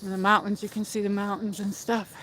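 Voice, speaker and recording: A woman's voice: mid-range voice, flat delivery, a little fast, a bit bright, a little hiss or hum, low-quality recording. A woman hosting a casual livestream while walking up a hill in a park outdoors, chatty and rambling, out of breath, on a phone mic. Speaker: livestream host.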